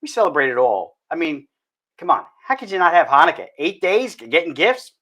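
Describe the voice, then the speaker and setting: A man's voice: on the high side, sing-song, a little fast, pushed and bright. A man hosting a casual talk show, joking and stumbling over his words. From northern United States. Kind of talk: casual chat.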